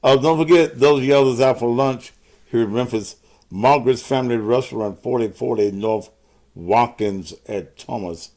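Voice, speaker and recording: A man's voice: medium pitch, normal speed, a little mellow. A man hosting his own live stream, talking to commenters in a profane, combative way. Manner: profane, combative, cusses out viewers. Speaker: host of his own show.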